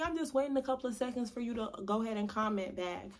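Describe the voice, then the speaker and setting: A woman's voice: fairly high pitch, quick pace. A young adult woman chatting to camera in a casual vlog, playful and chatty, drawing out words for emphasis. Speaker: vlogger.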